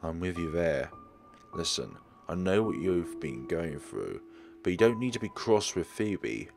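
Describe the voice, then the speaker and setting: A man voicing a calm, caring young companion in a horror game, gentle and reassuring. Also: low voice, a little slow, vocal fry, over music, exaggerated voice.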